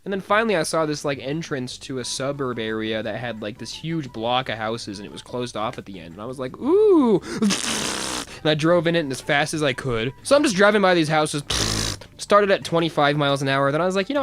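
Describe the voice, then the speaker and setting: A man's voice: medium pitch, lively intonation, a little fast, hardly any pauses, a bit bright, a little hiss or hum. A young man telling a rambling, self-mocking personal story in a casual way, often breaking into laughter. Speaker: vlogger.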